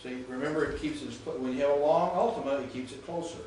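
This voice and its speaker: Speaking fast and on the high side, the Greek teacher has a slightly mellow tone while patiently lecturing and checking that students understand. A distant mic picks him up in an echoey room with slight background noise.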